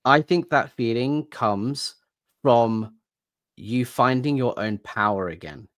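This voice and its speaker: A man's voice: mid-range voice, takes it slowly, fairly bright tone, no echo, studio quality. A man, a guest on a video chat, speaking in an earnest, firm, explanatory way. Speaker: guest, ex-member activist. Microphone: video call.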